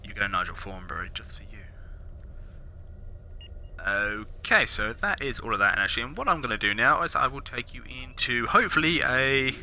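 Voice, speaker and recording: A man commenting on his own gameplay in a chatty, playful way, his voice swinging widely in pitch as he reacts. He drops into muttered asides now and then. There is steady noise in the background of the recording. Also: normal speed. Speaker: video game reviewer.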